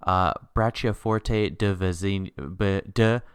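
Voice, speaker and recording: A man co-hosting a podcast, chatting about a TV miniseries in an animated way, laughing often with sudden upward jumps in pitch. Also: slow, clean tone, no room sound, studio quality. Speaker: podcast co-host. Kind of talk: casual chat recapping a TV miniseries.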